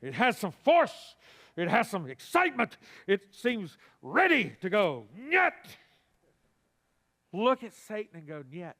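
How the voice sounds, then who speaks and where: Guy preaching, fairly high voice, lively and folksy, gets the congregation talking back. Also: measured pace. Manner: animated, folksy, calls on the congregation to respond. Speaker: pastor. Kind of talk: sermon. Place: church sanctuary.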